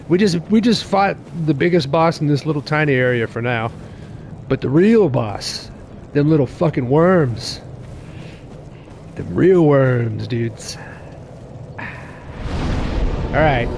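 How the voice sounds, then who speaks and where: A young man streaming a game live, excitable and laughing, swearing casually and chatting with his viewers while nursing a sore tooth. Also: fairly high pitch, slow pace, gravelly, long pauses, a little hiss or hum.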